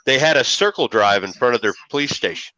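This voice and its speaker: A man's voice: mid-range voice, lively intonation, fast, sharp tone, highs cut off. A middle-aged man from Illinois, hosting and telling rambling, folksy stories with casual swearing. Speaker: show host. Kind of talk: casual storytelling.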